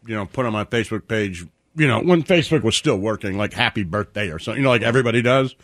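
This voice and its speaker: A man's voice: fairly low pitch, animated, fast, fairly bright tone, dry recording, clean studio sound. A man co-hosting a morning radio show, wisecracking and putting on jokey voices for people he quotes. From Michigan. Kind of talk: casual morning radio banter.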